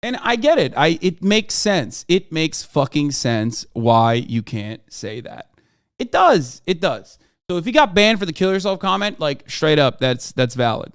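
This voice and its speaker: A man's voice: fairly high pitch, big pitch swings, a little slow, clear, resonant tone, dry recording. A man streaming casually, reacting with blunt, profane commentary into a close mic.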